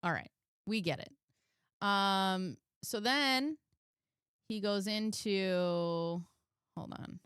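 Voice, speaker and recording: Slow-talking lady reacting to videos, smooth clear voice, dry close sound. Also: medium pitch, fairly bright tone, no room sound. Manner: slow, musing, filler-heavy. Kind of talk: casual video reaction chat.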